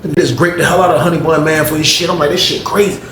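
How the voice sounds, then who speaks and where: A man telling a story in an animated, profane way, acting out the voices of the people in it, recorded in an echoey room. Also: on the high side, racing, slight background noise.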